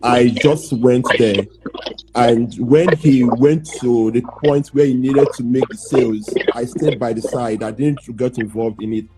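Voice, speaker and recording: A man's voice: medium pitch, unhurried, over a noisy crowd, close to an everyday voice. A man playing a nervous accused defendant. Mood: defensive. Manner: hesitant, restarting sentences, pleading. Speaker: accused man testifying in a mock trial. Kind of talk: student courtroom role-play.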